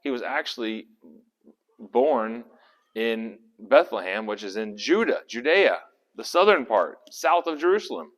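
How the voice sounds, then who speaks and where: A man's voice: mid-range voice, lively intonation, a little slow, a bit bright. A man leading a casual Bible study in a folksy, conversational way. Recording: reverberant hall.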